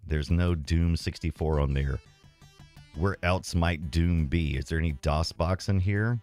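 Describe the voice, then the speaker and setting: A man's voice: low-pitched, unhurried, darkish tone, faint music behind. A man streaming retro games, rambling casually and self-deprecatingly as he reads and answers his chat.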